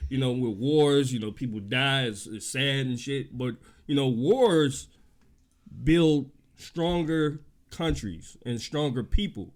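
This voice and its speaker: A man's voice: mid-range voice, slow pace. A man with a Chicago accent, co-hosting a casual podcast, giving rambling opinions full of "you know". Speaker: podcast co-host. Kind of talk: casual chat.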